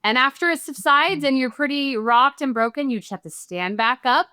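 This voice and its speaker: A woman's voice: high voice, normal speed, pushed and bright, smooth, no echo, studio quality. A middle-aged woman speaking as a podcast guest, reflective, earnest and heartfelt. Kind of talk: reflective interview talk.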